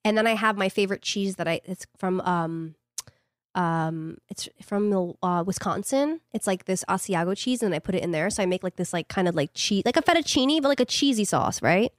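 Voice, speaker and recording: Talking fast in a mid-range voice, a young New Yorker rambles through a casual chat with lots of animation and plenty of fillers. The recording is studio quality with no room sound.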